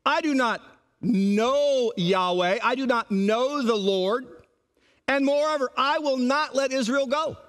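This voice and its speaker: High-voiced preaching man. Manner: animated, acts out quoted voices. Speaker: pastor. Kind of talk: sermon.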